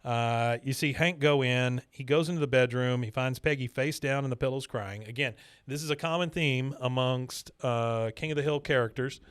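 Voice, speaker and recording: A man's voice: medium pitch, moderate pace, hardly any pauses, a bit bright, clear, resonant tone, dry recording. A man co-hosting a podcast, narrating a cartoon episode scene by scene in a casual recap, with frequent fillers. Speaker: podcast co-host.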